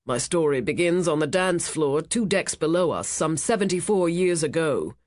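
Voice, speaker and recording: A narrator voicing a rich casino owner, a man who speaks with smooth, menacing charm. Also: mid-range voice, lively intonation, normal speed, no room sound, studio quality, lightly acted. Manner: smooth, commanding, cutting. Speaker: cruise ship owner.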